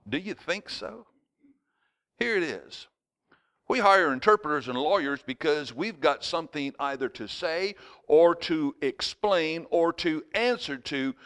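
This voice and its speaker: Male pastor preaching; lively storyteller who acts out shouting voices. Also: a little high. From United States. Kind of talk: sermon.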